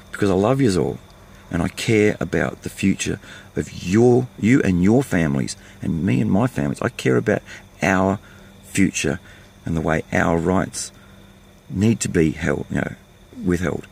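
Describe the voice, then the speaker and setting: A man's voice: sits low, animated, normal speed, vocal fry, pauses often, darkish tone, breathy edge. An older Australian man giving a fired-up, blunt, repetitive rant to camera from his vehicle while on the road. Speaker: vlogger. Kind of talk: impassioned monologue to camera.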